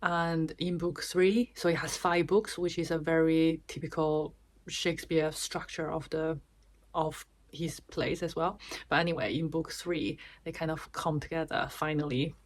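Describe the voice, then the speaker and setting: A woman's voice: low voice, steady tone, measured pace. A woman vlogger giving a chatty, casual summary of a book, with restarts and small laughs.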